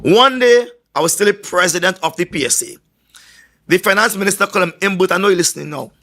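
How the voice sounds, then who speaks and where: A Trinidad and Tobago–accented man fires up a crowd at a political rally. His voice sits high and rings bright as he spins boastful stories about himself. He trips and repeats himself now and then, then pushes on. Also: quick pace. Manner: boastful, forceful storyteller. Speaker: political candidate.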